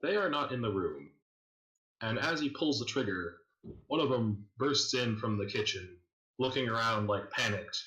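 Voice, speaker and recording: A man's voice: medium pitch, lively intonation, moderate pace, sharp tone. A man narrating a tabletop game as game master, casual and full of fillers. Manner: casual, filler-heavy storytelling. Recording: echoey room.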